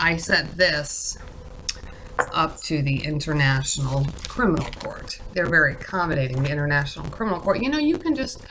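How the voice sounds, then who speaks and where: A woman telling an indignant story to camera in a casual vlog, acting out what others said in animated bursts. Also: lowish voice, noisy background. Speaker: vlogger.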